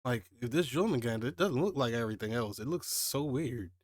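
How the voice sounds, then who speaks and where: A man reading a comic chapter aloud and reacting to it, casual and excitable, his voice jumping up when he is surprised. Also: fairly quick, no echo. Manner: excitable, jumps high when surprised, laughs at himself. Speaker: manga reaction channel host.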